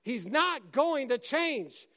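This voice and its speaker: A man preaching a sermon with passion, dropping to a hush and then rising to a shout as he acts out scripture scenes. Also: very high-pitched, big pitch swings, slow pace. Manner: impassioned, swings from hushed to shouting; acts out scripture dialogue in character.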